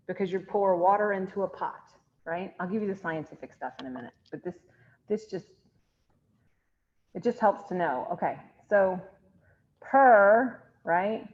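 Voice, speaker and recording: A woman's voice: mid-range voice, darkish tone. A woman, giving an online chemistry lecture in a chatty way and asking the class questions that she answers herself. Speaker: chemistry instructor. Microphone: computer mic on a video call. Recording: slightly dull, lo-fi video-call audio.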